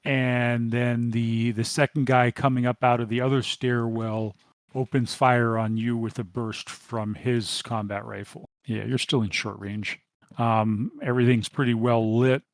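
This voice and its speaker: As game master of a tabletop role-playing game, a man narrates the action steadily and deliberately, dropping in plenty of ums. His pitch is medium, and there's no room sound.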